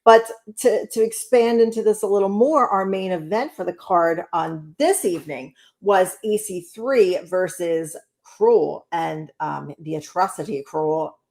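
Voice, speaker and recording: A woman's voice: on the low side, a little slow, hardly any pauses, darkish tone. A woman co-hosting a casual wrestling review chat, chatty and sarcastic, often laughing. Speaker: podcast co-host.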